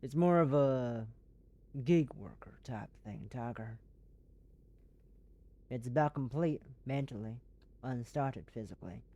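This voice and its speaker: A streamer reading the lines of an evasive, smooth-talking mob messenger in a game, casual and dismissive. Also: medium pitch, animated, slow, pauses often, warm tone, dull audio.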